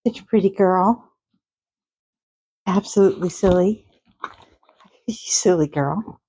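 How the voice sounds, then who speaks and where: A woman's voice: fairly low pitch, takes it slowly, long pauses, warm tone, breathy edge, rough recording. A woman in a horse stable, cooing affectionately to her horses and making kiss sounds, in a casual vlog. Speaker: horse owner. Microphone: handheld microphone.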